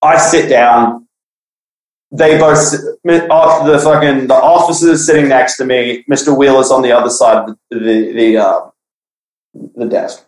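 A young man casually telling a profane school story on a podcast, animated, acting out the people he quotes. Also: mid-range voice, unhurried. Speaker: podcast guest. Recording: echoey room.

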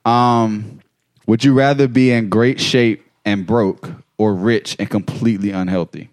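A man's voice: on the low side, fairly even intonation, unhurried, darkish tone, no room sound. A man hosting a casual podcast chat, joking loosely and laughing often. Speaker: podcast host.

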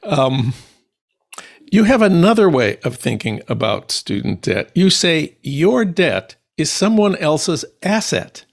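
A man's voice: fairly high pitch, very animated, slow, creaky. A man interviewing a guest, posing critics' objections as questions.

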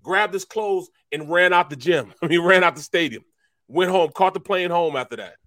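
A man co-hosting a sports talk show, a former player telling animated locker-room stories in casual chat. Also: high-pitched, moderate pace. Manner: animated storyteller, acts out voices. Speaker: co-host, former NFL player. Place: podcast studio.

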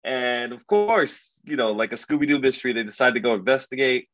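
A man casually retelling a story as a podcast co-host, animated and loose, full of filler words. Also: mid-range voice, brisk, dry recording. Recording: dull lo-fi dry recording.

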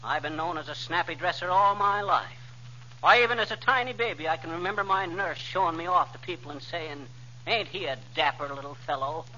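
A man playing a boastful, blustering middle-aged husband with a cold in 1940s radio comedy, firing off quick comebacks. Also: on the high side, sharp tone, slight background noise. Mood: brash. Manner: brash, bragging, quick comebacks. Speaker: sitcom lead. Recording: dull lo-fi old radio recording.

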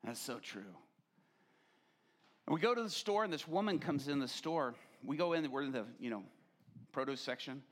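A man preaching, telling a personal testimony in a lively storytelling manner, laughing often and acting out the voices of others. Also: mid-range voice, moderate pace, pauses often. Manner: animated, laughing, acts out quoted voices. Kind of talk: storytelling sermon.

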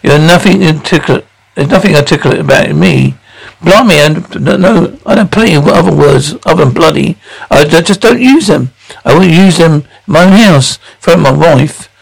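A gravelly, cantankerous old Cockney husband. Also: male voice, fairly high pitch, moderate pace, rough recording. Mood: blustering. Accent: Cockney London. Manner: cantankerous, swears constantly, blustering. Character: grumpy, bigoted older working-class London husband. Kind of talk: 1960s sitcom acting.

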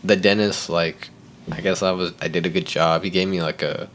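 A young man tells a story on a podcast, easygoing and animated, with a fairly low voice. He keeps saying "like" and "right?" and breaks into laughter. A faint hiss sits under the recording. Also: normal speed. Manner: animated, acts out quotes, laughs often, says "like" and "right?". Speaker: podcast guest. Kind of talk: casual storytelling chat.

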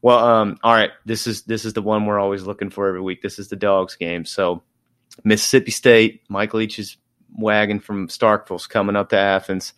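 A man hosts a casual sports podcast in a low-pitched voice. He talks loosely, with frequent ums and restarts, and laughs easily. The sound is dry and close. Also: steady tone, normal speed, a bit bright, clean tone, dry recording. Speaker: podcast host.

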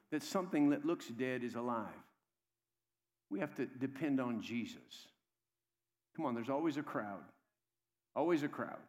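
A man preaching a sermon as pastor in a church, with a conversational manner, calling out to the congregation and swinging between hushed low passages and loud, raised exhortation. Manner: conversational, calls out "come on" to the congregation. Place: church sanctuary. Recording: long hall reverb.

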